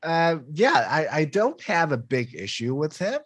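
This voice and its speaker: Brief: young male podcast co-host, husky tone, lively pitch, casual and giggly. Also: unhurried, no room sound. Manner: animated, laughs often, many fillers. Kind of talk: casual chat.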